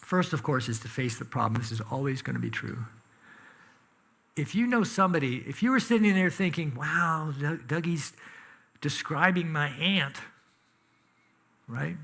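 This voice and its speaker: A man's voice: medium pitch, expressive, fairly quick, creaky, husky. A man preaching a sermon in a church, talking conversationally and with emphasis, asking the congregation questions. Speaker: pastor. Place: church sanctuary.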